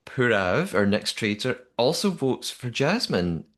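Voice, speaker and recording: A man co-hosting a podcast in casual chat, chatty and animated, with frequent restarts. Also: medium pitch, measured pace. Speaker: podcast co-host.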